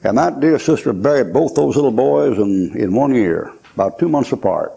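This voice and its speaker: A man's voice: medium pitch, animated, moderate pace, vocal fry, warm tone, husky. An older man preaching a sermon in a folksy storytelling way, telling stories from his own life. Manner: folksy storytelling preaching, acts out quoted voices. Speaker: pastor.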